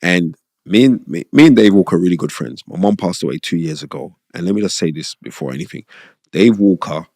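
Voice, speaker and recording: Middle-aged podcast guest, gravelly and low, animated and rambling. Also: male voice, no echo, studio quality. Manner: animated, streetwise, rambling, repeats himself. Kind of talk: casual storytelling interview. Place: podcast studio.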